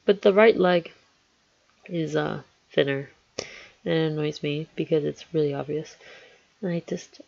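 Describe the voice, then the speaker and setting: A man's voice: a little high, a little slow, creaky, pauses often, a little mellow, no echo, highs cut off. A man narrating his drawing in a rambling, nervous way, full of ums and restarts, recorded on a headset mic. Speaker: artist narrating a speedpaint. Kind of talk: casual voice-over narration. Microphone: headphones with built-in mic.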